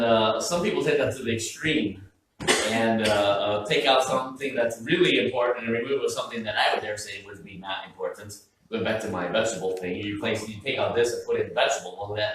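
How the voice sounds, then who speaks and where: A man's voice: fairly low pitch, a bit bright, heavy reverb, far from the mic, a little hiss or hum, rough recording. A man preaching a sermon as pastor in a casual, joking, conversational way, often stopping and restarting his sentences. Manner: conversational, joking, self-interrupting. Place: church sanctuary.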